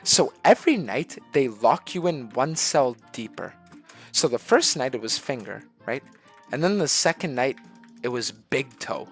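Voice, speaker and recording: Streamer, casual profane storyteller, pitch jumps all over, faint music under it. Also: expressive, a little slow. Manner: swears constantly, acts out voices mid-story. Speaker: gaming streamer.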